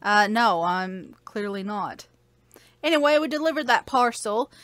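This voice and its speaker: A woman's voice: mid-range voice, lively intonation, a little slow, a bit bright, dry recording. A woman from Kentucky co-hosting a game playthrough, chatting casually in an easygoing, hesitant way full of fillers. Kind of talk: casual chat.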